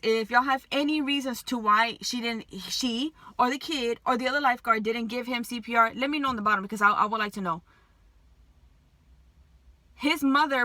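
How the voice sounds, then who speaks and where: A woman's voice: fairly high pitch, pushed and bright, dry recording. A woman telling an emotional story to her viewers, agitated, swearing constantly and restarting her sentences. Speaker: vlogger.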